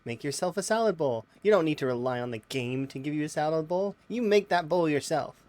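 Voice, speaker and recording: A man's voice: on the high side, expressive, fairly quick, a little mellow. A man streaming a game, giving rambling, casual tips to his chat and chatting to the animals in the game. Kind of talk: casual let's-play commentary.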